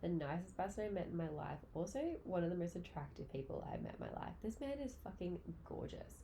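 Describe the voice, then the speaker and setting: A woman's voice: on the low side, lively intonation, fast, gravelly, mellow, a little hiss or hum. A woman in her late twenties hosting a casual solo podcast, telling stories in a chatty way and swearing freely. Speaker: podcast host.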